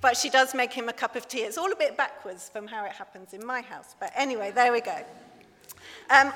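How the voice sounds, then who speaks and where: A woman preaching a sermon in church, chatty and gently self-deprecating. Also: on the high side. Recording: long church reverb.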